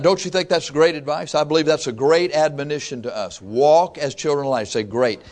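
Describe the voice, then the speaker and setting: Pastor guy preaching slow and emphatic, voice a bit on the high side. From raised Catholic. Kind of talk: sermon.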